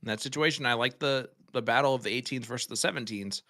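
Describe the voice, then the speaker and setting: Male darts commentator, bright tone, playful banter. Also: medium pitch, quick pace. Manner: joking, banters with co-host. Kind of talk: live sports commentary.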